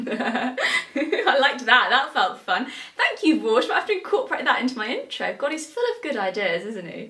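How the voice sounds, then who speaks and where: A woman's voice: on the high side, sing-song, normal speed, bright, forceful tone. A young British woman with a British English accent hosting a commentary video, sarcastic, teasing and theatrical. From Britain. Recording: roomy echo, distant mic.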